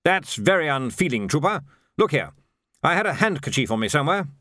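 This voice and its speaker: A man's voice: on the high side, very animated, a little fast, sharp tone, no echo, clean studio sound, voice pushed up. A man playing a pompous flustered army major. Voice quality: pompous, indignant officer voice.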